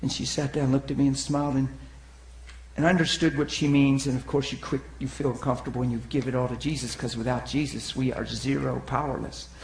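Echoey, animated male preacher telling stories. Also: medium pitch, fairly quick, slight background noise. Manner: animated, acts out quoted voices, swings from loud to hushed. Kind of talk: sermon storytelling. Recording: echoey room.

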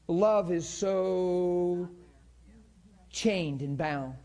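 A middle-aged male pastor with a slightly high voice tells a story in a sermon at a moderate pace. He's emotional, acting out the voices of both sides with strong feeling.

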